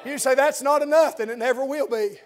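Revival preacher, male, very high voice, shouts and drawls. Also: fairly quick, some chatter behind. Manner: shouting, drawling, dialectal grammar, constant amens. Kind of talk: fiery revival sermon.

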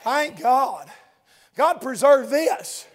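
A man preaching a fiery revival sermon, shouting and drawling, dropping an amen after nearly every line. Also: very high-pitched, lively intonation, extremely slow. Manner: shouting, drawling, dialectal grammar, constant amens.

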